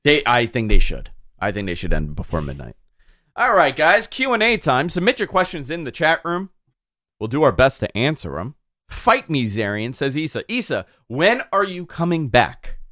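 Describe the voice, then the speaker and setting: A man co-hosting a casual live-stream chat, joking and lively with quick jumps in pitch. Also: no echo, clean studio sound. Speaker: co-host.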